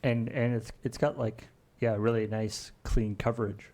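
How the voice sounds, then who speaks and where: A man's voice: medium pitch, steady tone, normal speed, a little mellow. A man co-hosting a hobby stream, laid-back, with wry comments in casual chat. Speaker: stream co-host.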